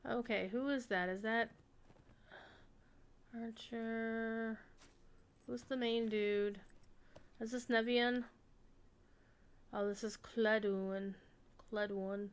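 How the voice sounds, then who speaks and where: A woman's voice: fairly high pitch, fairly even intonation, slow, pauses often, clean tone. A woman streaming an online role-playing game, chatting casually as she plays and talking to her pets. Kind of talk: casual gameplay commentary.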